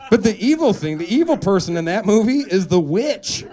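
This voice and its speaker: A young man performs stand-up on a club stage. His voice sits high and leaps all over the place as he tells the story. He is animated throughout and keeps sliding into exaggerated character voices. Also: brisk, a crowd in the background. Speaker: stand-up comedian. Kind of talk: stand-up comedy set. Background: audience laughter.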